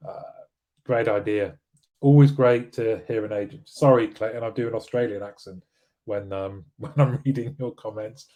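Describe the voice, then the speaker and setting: Mellow-voiced man hosting casually. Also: fairly low pitch, fairly even intonation, moderate pace. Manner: rambling, frequent restarts and fillers. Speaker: host of a live weekly show. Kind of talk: casual live-stream talk, reading viewer comments.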